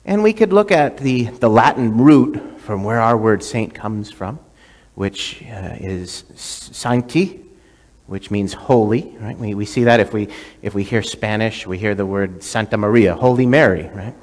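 Storytelling priest in a reverberant church. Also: male voice, fairly low pitch, a little slow, a little mellow. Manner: storytelling with many restarts and "right?" asides. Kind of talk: sermon. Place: church sanctuary.

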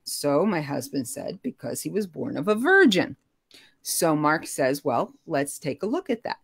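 Woman, middle-aged, expressive storytelling, low voice, dry recording. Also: a little slow, gravelly, husky, no echo. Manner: animated, expressive, rising pitch when emotional. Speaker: guest telling her story. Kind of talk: conversational storytelling.

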